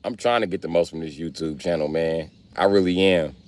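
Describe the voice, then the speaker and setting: A young man with a very low voice rambles through a casual live stream, swearing freely and talking straight to his chat. His talk wanders from one story to the next in an easy, unpolished flow. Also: brisk, a little mellow. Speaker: livestreamer.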